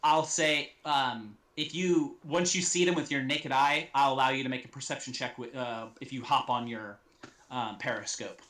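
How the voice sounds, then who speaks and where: A man narrating a tabletop game as game master, halting with many ums and restarts. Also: mid-range voice, fairly even intonation, bright, forceful tone.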